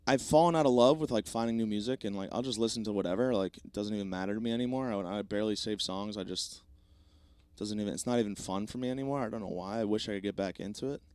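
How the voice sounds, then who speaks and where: A man's voice: fairly low pitch, a little mellow, clean tone, no echo. Profane rambling man, dry close mic. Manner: profane, rambling, self-mocking. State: slightly sore voice. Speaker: podcast host. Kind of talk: comedic solo podcast rant.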